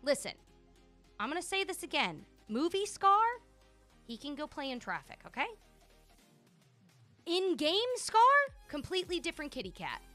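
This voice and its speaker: A young woman streamer talking live over her game, her voice swooping up and down as she gushes and chatters casually. Her voice sits a little high. Faint game music plays behind her. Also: normal speed, pauses often. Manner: gushing, animated, chatty with lots of "like" and "dude".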